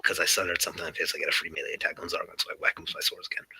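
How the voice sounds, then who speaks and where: A man's voice: low-pitched, level tone, rapid-fire, bright, forceful tone. A man playing at a tabletop game table, joking around and stammering on repeated words. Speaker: player.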